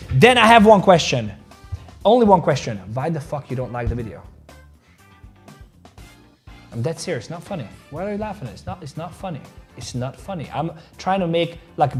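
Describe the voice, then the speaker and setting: This crypto trading livestream host has a husky male voice that sits high. In loose, profane chat, he reads viewer comments and jokes with the audience about their likes.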